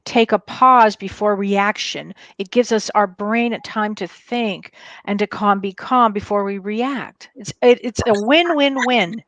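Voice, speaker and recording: A woman co-hosting a talk show, supportive and eager, quick to affirm and add her own points. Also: medium pitch, fairly bright tone, dry recording. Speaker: co-host. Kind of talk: casual talk show chat.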